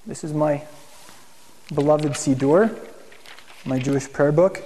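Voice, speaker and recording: A man's voice: on the high side, slow, dark tone, a little hiss or hum. A man teaching a congregation in a conversational sermon style, often putting questions to the room. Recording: long hall reverb.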